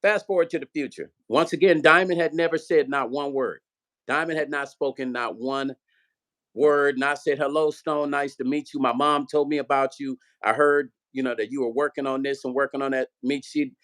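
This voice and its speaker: At a normal speed and with a mid-range voice, a musician hosting his own vlog tells a long, animated story. He acts out the quoted dialogue and swears plenty in this storytelling chat.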